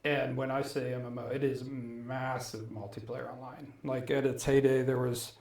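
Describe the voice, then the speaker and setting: Male co-host, laid-back explainer, middle pitch, echoey room, faint noise. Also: normal speed. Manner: relaxed, explanatory, laughs at his own stories. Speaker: podcast co-host. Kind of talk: casual chat.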